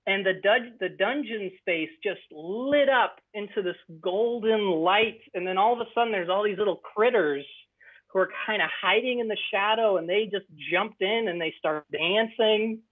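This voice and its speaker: A young man presenting as an interview guest, talking in an earnest, enthusiastic, halting way. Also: high-pitched. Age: young adult. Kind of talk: casual interview storytelling. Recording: tinny phone-like call audio.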